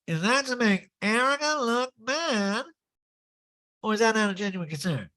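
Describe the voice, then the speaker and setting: A man's voice: sits high, animated, a little slow, bright, forceful tone, voice pushed up, exaggerated voice. A man doing a defensive reality-TV woman.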